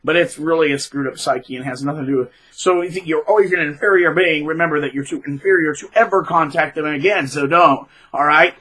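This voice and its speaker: A man hosting his own channel, giving rambling, emphatic casual advice, with sudden loud bursts of emphasis. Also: a little high, brisk, few pauses, poor audio. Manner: rambling, with frequent restarts. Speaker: channel host.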